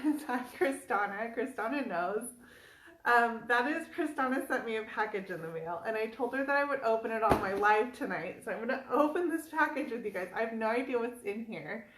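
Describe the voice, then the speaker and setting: A woman's voice: fairly high pitch, a bit bright. A woman hosting a casual live stream as a furniture painter, chatty and giggly, greeting viewers by name. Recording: echoey room.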